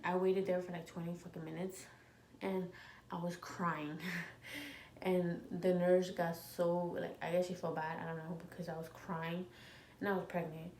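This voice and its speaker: A woman in her twenties telling a storytime vlog, animated and swearing freely as she quotes people in her story. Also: fairly low pitch. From United States. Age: 20s. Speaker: vlogger. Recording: echoey room with faint ambient noise.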